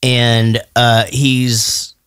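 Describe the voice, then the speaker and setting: A man's voice: mid-range voice, drawn-out words, clear, resonant tone, no echo, studio quality. A middle-aged man hosting a podcast, swearing freely and telling stories in a casual chat. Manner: profane, animated storyteller. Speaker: podcast host.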